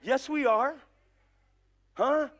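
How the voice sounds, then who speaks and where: A man with a very high voice preaches in church, swinging from folksy, joking asides aimed at people in the pews to fervent, shouted calls. His delivery is loose and conversational between the peaks of intensity. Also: extremely slow. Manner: folksy and joking, addresses members of the congregation. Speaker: pastor. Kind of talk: sermon.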